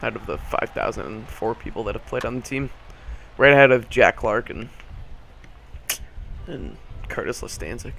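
Hoarse young man, gravelly gameplay chatter. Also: medium pitch, fairly quick, a bit bright, a little hiss or hum. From Boston area. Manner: rambling, swears, frequent "like" fillers. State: hoarse morning voice. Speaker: gaming channel host. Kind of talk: casual gameplay commentary.

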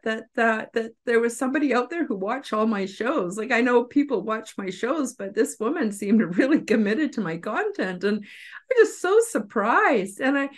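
Effusive female podcast host; a rambling, filler-heavy storyteller with a slightly high voice. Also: animated, moderate pace. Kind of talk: personal storytelling.

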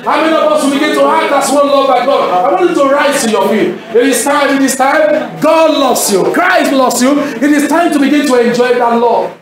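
A man from Nigeria preaching a sermon as a pastor, emphatic, often shouting and repeating his calls to the congregation. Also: very high-pitched, moderate pace, hardly any pauses. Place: church hall. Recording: echoey hall with music behind. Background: instrumental music.

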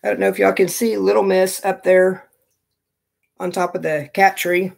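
A man's voice: sits high, level tone, normal speed, vocal fry, a little mellow. A man chatting casually as he opens fan mail on his knitting vlog, gushing and thinking aloud. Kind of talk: casual unboxing chat.

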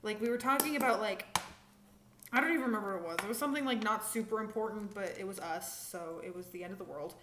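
A woman's voice: medium pitch, quick pace. A young woman hosting a casual vlog, telling a story in a rambling way with lots of fillers and restarts. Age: young adult. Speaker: vlog host. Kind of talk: casual chat. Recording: echoey room, faint hiss.

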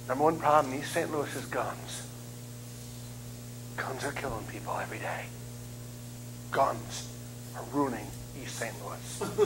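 A man in his fifties preaching as a guest speaker, telling funny stories in an animated, self-deprecating way. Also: medium pitch, background noise. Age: 50s. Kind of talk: humorous sermon storytelling. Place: church sanctuary.

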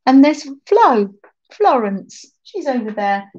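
A woman chats her way through a craft livestream, answering viewer comments and laughing often. Her voice sits a little high and swings widely in pitch, and she takes her time. The stream audio is dull and lo-fi. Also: big pitch swings, slow, a little mellow. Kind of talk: casual livestream chat.

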